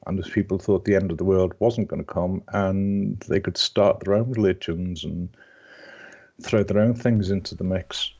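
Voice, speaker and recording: A man in his fifties with a Liverpool accent chats as a guest, his voice sitting a touch low. He rambles and restarts his sentences as he goes. The sound is dull and lo-fi, like call audio. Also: fairly even intonation, moderate pace, a little mellow. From Liverpool, England. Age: 50s. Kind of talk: casual live-stream chat.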